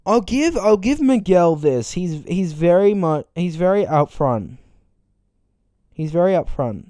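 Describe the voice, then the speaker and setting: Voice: medium pitch, very animated, unhurried, dark tone, dry recording, studio quality. A podcast host giving casual, joking watch-along commentary, reacting in disbelief and laughing often.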